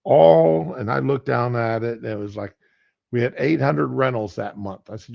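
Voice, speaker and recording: A man with a deeply gravelly, rough-edged voice hosts a livestream and tells a story in a folksy, plain-spoken way. His pitch sits in a middling range. The stream audio is a little muffled and dull. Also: moderate pace, darkish tone. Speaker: livestream host. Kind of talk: casual storytelling.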